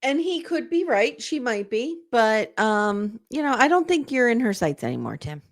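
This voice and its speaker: A woman's voice: fairly high pitch, very animated, normal speed, no room sound, clean studio sound. A woman co-hosting a podcast, making wry, joking asides about a reality show in casual chat. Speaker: podcast co-host.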